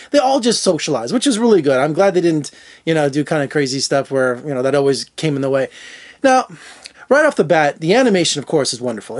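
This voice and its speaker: A man reviewing a film in a casual, rambling video, chatting with lots of asides. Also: fairly high pitch. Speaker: film critic.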